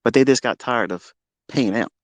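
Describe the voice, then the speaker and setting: A man hosting a live audio stream, delivering a heated, profane and boastful rant that swings between loud outbursts and low muttering. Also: moderate pace, dry recording. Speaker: trading educator and Twitter Space host.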